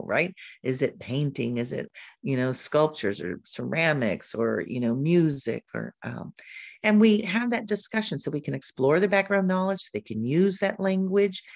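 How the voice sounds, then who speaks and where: Gravelly-voiced woman presenting on teaching literacy. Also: deep voice, no room sound. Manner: demonstrates teaching by role-playing her questions to students; lists points in short rhythmic phrases. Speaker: literacy educator presenting at a summit. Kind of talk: presentation with modeled classroom dialogue.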